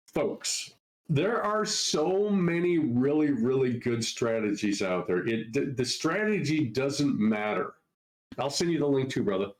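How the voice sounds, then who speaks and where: The audio is poor as this middle-aged Minnesotan, a trading educator, fields viewer questions in a live Q&A. Speaking at a medium pitch, he keeps it casual, loose and chatty, answering off the cuff.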